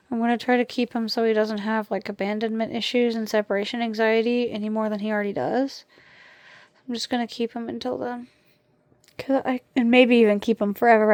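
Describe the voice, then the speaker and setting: A woman vlogging at home while she has a migraine, talking softly and tiredly and cooing at her dogs. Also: on the high side, no echo. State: suffering a migraine. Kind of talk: casual vlog talk to camera and dogs. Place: at home indoors.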